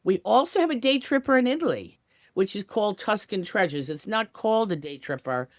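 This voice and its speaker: A woman's voice: mid-range voice, expressive, brisk, no room sound, studio quality. A woman guest on a travel podcast, talking in an upbeat, chatty way with many casual asides. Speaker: tour company guest. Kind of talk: enthusiastic podcast interview.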